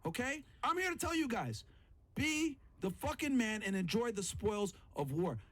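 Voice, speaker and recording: A man's voice: high-pitched, big pitch swings, normal speed, fairly bright tone, dry recording. A man hosting a podcast, giving heated reaction commentary full of profanity and repeated phrases. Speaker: podcast host.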